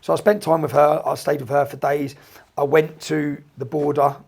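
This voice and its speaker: A man with an English accent, a guest recounting conversations in an animated way and tagging his sentences with "yeah?". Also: a little high, normal speed, gravelly, breathy edge. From England. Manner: recounts dialogue, frequent "yeah?" tags.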